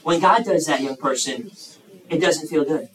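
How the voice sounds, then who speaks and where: A man in his thirties preaching a sermon to young people, swinging between loud emphatic bursts and hushed asides. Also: on the high side, normal speed, distant mic, poor audio.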